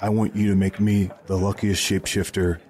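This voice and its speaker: A man's voice: low voice, little pitch movement, a little fast, a little mellow. A man co-hosting an improvised comedy podcast, laid-back and earnest with a slightly nasal tone. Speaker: podcast co-host.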